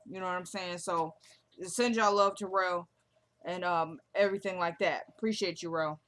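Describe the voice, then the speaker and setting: A young woman hosting a casual vlog recap of a TV episode, chatty and slangy, acting out the characters' lines in quick quotes. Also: fairly low pitch, fairly even intonation, fairly bright tone. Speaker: show recap host.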